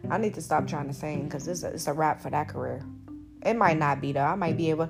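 A woman's voice: deep voice, fast, gravelly, faint music behind. A woman hosting her own podcast in a rambling, playfully boastful monologue, with an American accent that mixes northern and southern sounds. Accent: American, mixing northern and southern. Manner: chatty, rambling and playfully boastful, addresses listeners as y'all. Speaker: podcast host. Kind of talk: casual solo podcast monologue.

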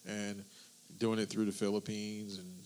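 A man's voice: lowish voice, level tone, moderate pace, a little mellow, clear, resonant tone, rough recording. A man in casual chat, telling a story in a rambling way and stammering over repeated words.

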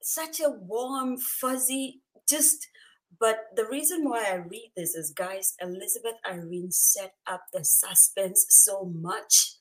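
A woman with a medium-pitched voice speaks slowly on a rough recording. She hosts a book chat, reading passages aloud and reacting emotionally, laughing often and exclaiming as she goes.

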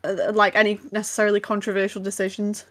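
A woman's voice: mid-range voice, level tone, fast, dry recording. A young woman co-hosting a podcast in casual chat, chatty and laughing often. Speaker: podcast co-host.

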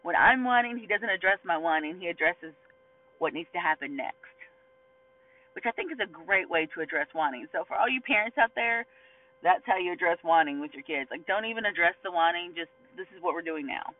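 High-voiced man teaching Bible, tinny distant sound. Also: brisk. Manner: chatty, animated, laughs often, mimics whiny voices.

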